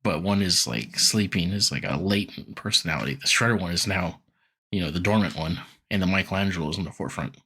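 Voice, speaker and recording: A man's voice: sits low, fast talker, sharp tone, breathy edge. A man co-hosting a podcast, retelling a cartoon episode loosely with lots of "like" and quoted voices. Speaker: podcast co-host. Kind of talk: casual podcast recap.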